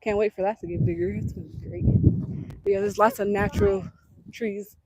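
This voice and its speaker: A woman's voice: mid-range voice, big pitch swings, fairly quick, vocal fry, a little mellow, a little hiss or hum, rough recording. Chatty woman touring her land. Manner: chatty, thinking aloud while walking. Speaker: homesteader giving a tour of her land. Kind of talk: casual walking tour. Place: outdoors on a rural trail. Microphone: husband's handheld camera.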